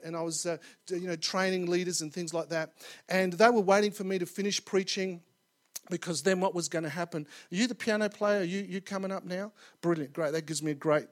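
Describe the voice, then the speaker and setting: A man preaching a sermon to a live congregation, his voice sitting high for a man. He tells his story in an animated way, acting out the voices he quotes and rising loud at tense moments. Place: church or conference hall with live audience.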